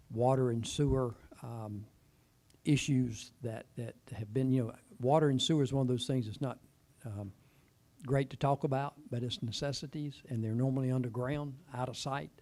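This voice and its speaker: A man serving as a state legislator answering a question at a town hall meeting, halting with many pauses. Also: medium pitch, warm tone. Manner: halting, many ums and uhs.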